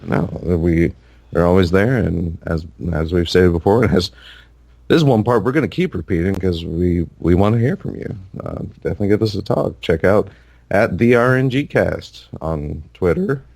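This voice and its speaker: A man's voice: sits low, expressive, normal speed, vocal fry, darkish tone, no echo. A man co-hosting a casual gaming podcast, rambling with lots of fillers and restarts. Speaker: podcast co-host.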